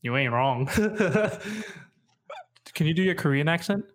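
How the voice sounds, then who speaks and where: A man with a fairly high voice hosts a casual podcast with lots of energy. He speaks in quick slang and reacts eagerly to his friends. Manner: excitable, laughs a lot, slangy. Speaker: podcast co-host. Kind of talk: casual chat.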